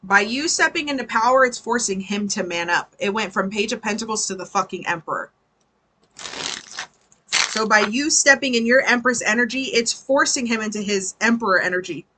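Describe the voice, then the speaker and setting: A woman's voice: medium pitch, moderate pace, long pauses, pushed and bright, rough recording. A woman giving a casual, chatty live tarot reading, swearing freely and laughing often. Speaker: tarot reader.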